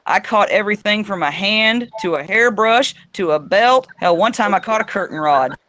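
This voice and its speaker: A man's voice: animated, moderate pace, bright, forceful tone. A man hosting a casual political chat, talking emphatically. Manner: emphatic, swings into high mock voices. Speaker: host.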